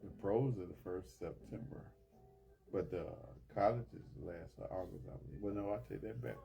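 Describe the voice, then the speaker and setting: A man's voice: low-pitched, normal speed, gravelly, dark tone, faint music behind. An older man, a grandfather talking easily in a casual chat and answering mostly with short agreeing replies. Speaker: guest.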